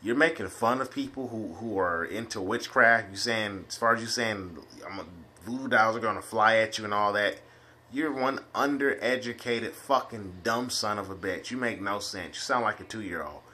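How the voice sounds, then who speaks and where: A man's voice: lowish voice, normal speed, bright, forceful tone, slight background noise. A man ranting at his enemies in a webcam vlog, confrontational and full of swearing. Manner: profane, confrontational, repetitive. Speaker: vlogger. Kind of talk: angry webcam rant.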